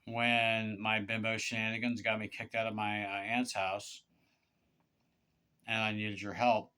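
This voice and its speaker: A man speaks in a fairly low register with a smooth, clear tone. He talks straight to one person in a confessional monologue, halting and aggrieved, stumbling into repeated words and restarts as he pleads his case. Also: level tone, pushed and bright. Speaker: vlogger.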